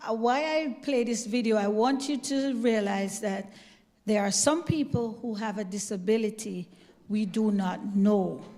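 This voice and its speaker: Slow-speaking woman in a reverberant hall. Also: medium pitch, a little mellow. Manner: earnest, asking questions. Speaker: church youth program leader. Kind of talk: addressing a congregation.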